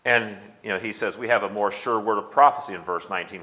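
A man's voice: fairly low pitch, fast, hardly any pauses, pushed and bright. A middle-aged man preaching a sermon, telling anecdotes and reading scripture aloud with rising force.

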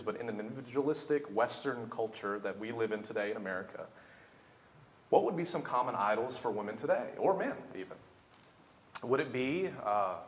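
A young man preaching a sermon, building to emphatic, repeated climaxes. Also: fairly low pitch. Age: young adult. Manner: preaching with rising intensity and emphatic repetition. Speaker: pastor. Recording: echoey room.

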